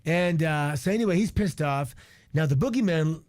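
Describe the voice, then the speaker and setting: Guy in his 40s from canada, fairly high voice, swears a lot telling his story, dry close sound. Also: animated, normal speed, darkish tone, no echo. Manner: candid and profane, lots of restarts and quoted asides. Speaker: guest, retired wrestler. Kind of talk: animated storytelling on a radio show. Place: radio studio.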